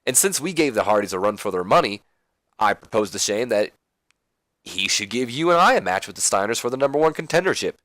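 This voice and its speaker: A man's voice: mid-range voice, very animated, racing, few pauses, dry recording, lightly acted. A man voicing an overeager, friendly male wrestler who pesters his tag partner, in a chummy, self-satisfied way. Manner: chummy, pleased with himself.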